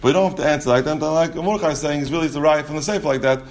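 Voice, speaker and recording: A man's voice: a little high, racing. A man teaching a Talmud class, explaining step by step with frequent restarts and repeated words. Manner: explains step by step, asks and answers questions.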